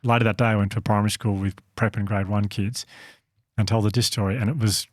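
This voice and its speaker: A fairly low-voiced man tells a story on a podcast. He sounds earnest and a little self-deprecating. The sound is dry and close to the mic. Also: level tone, fast, dry recording. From Australia. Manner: earnest, self-deprecating, laughs at own slips. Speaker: podcast co-host and company founder. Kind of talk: casual storytelling chat.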